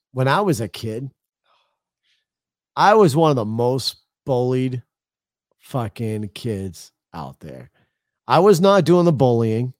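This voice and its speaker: A man's voice: mid-range voice, dry recording, clean studio sound. A middle-aged man, co-hosting a casual podcast chat, rambling loosely with swearing. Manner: loose, rambling storytelling with frequent laughs and swearing. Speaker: podcast co-host.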